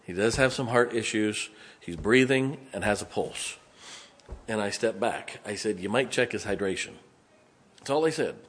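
Older guy preaching, bright forceful tone, folksy story that swells into fired-up sermon. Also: lowish voice, expressive, normal speed, breathy edge. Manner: hushed retelling, then fervent and rising.

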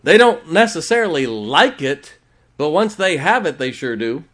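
A man's voice: on the high side, very animated, moderate pace, fairly bright tone. A man preaching a conversational sermon in a folksy way, often laughing as he talks.

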